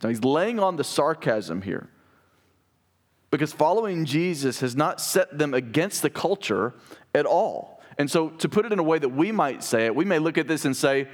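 A male pastor with a fairly high voice delivers a sermon from a church sanctuary. He reads scripture, then explains it in a conversational tone and puts questions to the congregation. His pitch swings widely. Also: animated, moderate pace.

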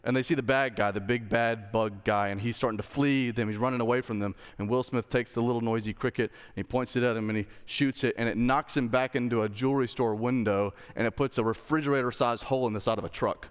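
A man's voice: mid-range voice, steady tone, quick pace, few pauses, clear, resonant tone, long reverb tail. A man preaching a sermon as a pastor, reading Bible passages aloud and talking to the congregation in a conversational way. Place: church sanctuary.

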